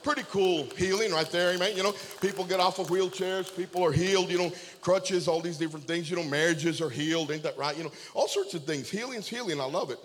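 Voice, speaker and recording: A high-pitched man preaches fervently, stopping to throw amen and okay at his listeners. His voice trails off into the long echo of a big church hall. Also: fairly quick, hardly any pauses, slight background noise. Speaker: pastor. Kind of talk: sermon with storytelling. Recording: long reverb of a large hall.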